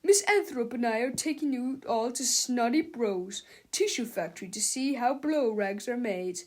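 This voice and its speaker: A woman doing a yelling, bossy principal. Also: on the high side, animated, normal speed. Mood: angry. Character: angry shouting male school principal. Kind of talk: storybook read-aloud.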